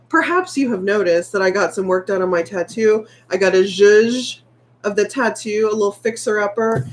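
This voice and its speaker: Speaking at a moderate pace in a mid-range voice, a woman vlogger in her late 30s reads viewer comments during a casual livestream. Her chat is candid, heartfelt and rambling.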